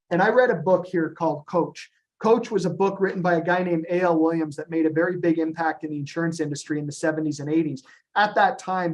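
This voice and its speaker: A man leading a business presentation on a group call, animated and storytelling, with frequent ums and retold dialogue. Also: on the high side. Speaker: company founder presenting to agents on a call.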